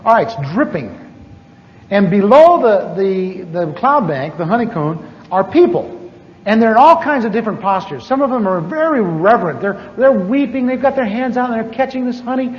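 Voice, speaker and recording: A preacher telling a personal testimony in a sermon, animated and chuckling, repeating his words for effect. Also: high voice, brisk. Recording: dull lo-fi audio with long hall reverb.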